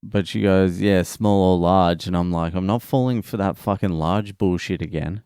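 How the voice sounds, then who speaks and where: A man's voice: low voice, steady tone, moderate pace, warm tone, clean tone, no room sound. A young Australian man hosting a podcast, rambling and swearing in a casual solo monologue, sounding sleepy and dryly funny. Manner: sweary and rambling, dry humour. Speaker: podcast host.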